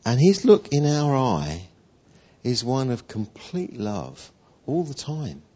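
A man preaching a sermon in an animated storytelling way, acting out quotes. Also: medium pitch, takes it slowly, slightly rough. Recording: dull lo-fi recording.

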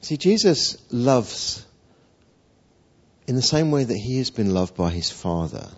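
A man preaching a sermon in an animated storytelling way, acting out quotes. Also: mid-range voice, a little slow, slightly rough. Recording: dull lo-fi recording.

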